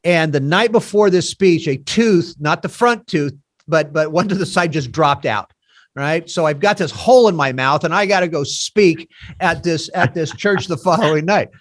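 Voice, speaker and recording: A man in his sixties hosting a podcast, telling stories in an animated way and laughing between lines. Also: a little high, moderate pace. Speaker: podcast host and founder of a recovery nonprofit. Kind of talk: casual podcast conversation.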